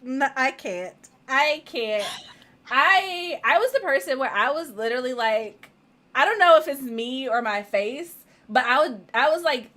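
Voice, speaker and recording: A woman co-hosting a casual writing chat over a video call, playful and animated, laughing often. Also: high-pitched, unhurried.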